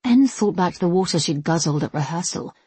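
A woman narrating an audiobook in an even, measured storytelling voice. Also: fairly low pitch, husky, no room sound.

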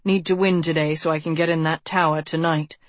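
A woman's voice: sits low, level tone, brisk, no room sound, lightly acted. A woman voicing a confident young prince, breezy and teasing, in an audiobook. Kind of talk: audiobook character voice.

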